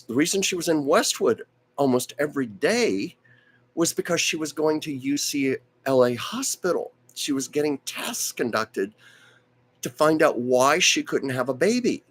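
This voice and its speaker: This live-stream host speaks with a higher, husky, slightly bright voice, expressive and measured in pace. His anecdote wanders through frequent tangents and false starts, and his strained voice keeps fading in and out.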